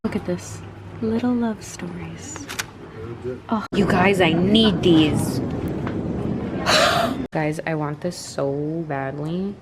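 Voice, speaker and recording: A woman hosting her own shopping vlog, gushing with excitement as she films on her phone at an outdoor flea market, sometimes dropping to a whisper. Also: fairly low pitch, extremely slow, pauses often, noisy background. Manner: gushing, animated, drops into soft whispers. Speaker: vlogger host. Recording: phone audio with loud crowd.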